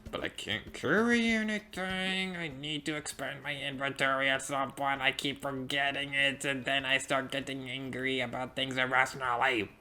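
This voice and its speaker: A woman's voice: rumbling low, monotone, moderate pace, few pauses, pushed and bright, slight background noise. A woman hosting a let's play, chatting casually and rambling off on tangents with giggly, self-deprecating asides. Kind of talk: casual gameplay commentary.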